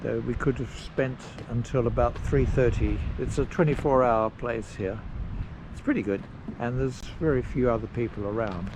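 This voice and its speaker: A man casually narrating a road trip outdoors, rambling with pauses and fillers. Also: mid-range voice. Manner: slow, rambling, pausing with fillers. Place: outdoors at campsites and parks. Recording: noisy outdoor recording.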